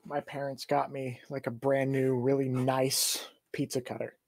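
A man's voice: medium pitch, little pitch movement, a little slow, vocal fry, darkish tone. A man chatting casually as a guest voice actor, easygoing and jokey. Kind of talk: casual chat on a livestream.

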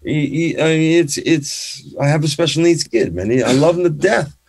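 A man telling a story as a guest musician in a casual chat, animated, swearing freely and restarting often. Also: fairly high pitch, moderate pace, creaky, husky.

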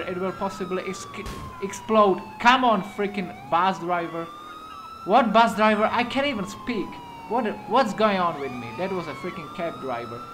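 Excitable man, non-native English accent. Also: high-pitched, a little hiss or hum. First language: not English. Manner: excitable, swears, exclaims often. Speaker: gaming YouTuber. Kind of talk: casual gameplay commentary.

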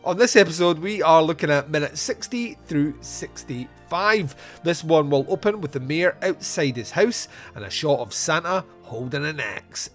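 Wry man hosting a solo podcast. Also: a little high. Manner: wry, joking, tangents with fillers and laughs. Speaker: podcast host reviewing a film. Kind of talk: solo podcast film recap.

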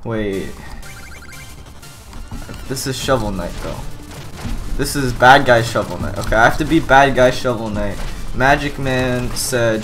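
A man talks over gameplay in a mid-range voice, rambling and deadpan. He stops and restarts often and fills the gaps with "uh" and "um". Faint music plays under his voice. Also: mid-range voice. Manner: deadpan absurd rambling, halting with many fillers. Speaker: gaming video narrator. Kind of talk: rambling comedic gameplay commentary.

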